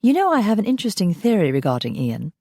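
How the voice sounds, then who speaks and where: A woman's voice: mid-range voice, huge pitch swings, quick pace, warm tone, no room sound, clean studio sound, pitched above the performer's own voice. A woman voicing a haughty female vampire with a snooty British accent.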